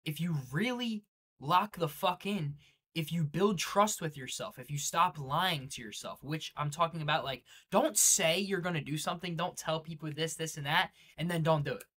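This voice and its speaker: Blunt profane young man, bright voice. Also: fairly high pitch, moderate pace, breathy edge. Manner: blunt, profane, slangy, preachy. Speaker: day-trading vlogger. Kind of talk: motivational rant to camera.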